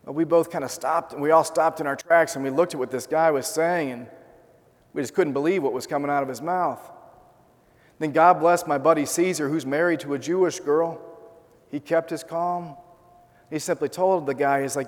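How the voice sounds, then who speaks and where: A man's voice: on the high side, brisk, in a large hall. A man preaching a sermon, telling a story in an earnest way and asking his listeners rhetorical questions. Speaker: pastor.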